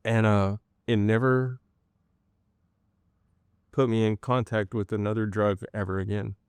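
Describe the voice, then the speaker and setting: A man telling his personal faith testimony in an interview, earnest and halting, with many pauses and restarts. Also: lowish voice, flat delivery, a little mellow, smooth, no echo. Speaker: guest sharing a personal testimony.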